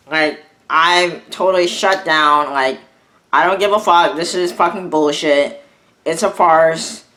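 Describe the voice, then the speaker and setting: A young man telling a personal story in an angry, halting vlog rant, full of restarts and swearing. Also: on the high side, sharp tone, low-quality recording. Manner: halting and bitter, with frequent restarts and profanity. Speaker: vlogger.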